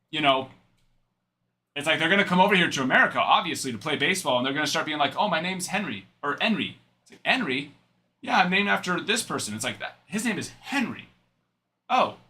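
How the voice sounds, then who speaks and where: A man's voice: a little high, pushed and bright. A young adult man hosting a live card-break stream, chatting and rambling in asides while he reads out cards.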